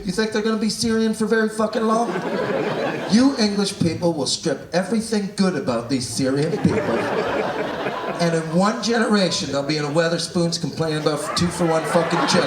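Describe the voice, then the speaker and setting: A man's voice: fairly high pitch, a little fast, heavy background noise. A Canadian man doing a profane, ranting stand-up routine and teasing an audience member. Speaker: stand-up comedian. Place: large theatre stage. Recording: echoey theatre, distant, loud crowd laughter.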